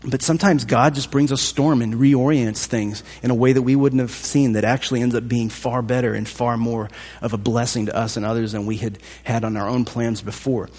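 A man preaching a sermon in a thoughtful, conversational way, with a husky voice. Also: medium pitch, steady tone, brisk, darkish tone. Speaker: pastor. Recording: long hall reverb.

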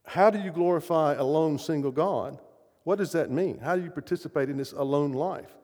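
Emphatic preacher in an echoey hall. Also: male voice, a little high, a little fast, darkish tone. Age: middle-aged. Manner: emphatic, asks the audience questions. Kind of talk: sermon.

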